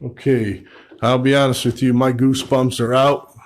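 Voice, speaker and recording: A man investigating an old house alone, talking in a hushed, startled way and asking questions of spirits. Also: mid-range voice, level tone, moderate pace. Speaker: paranormal investigator. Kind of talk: solo ghost-hunting commentary.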